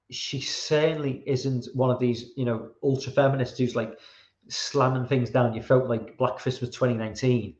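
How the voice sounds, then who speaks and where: A British man hosting a podcast, talking through a film review in a casual, rambling and halting way, with some swearing. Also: mid-range voice, a little mellow, roomy sound, highs cut off. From Britain. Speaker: podcast host.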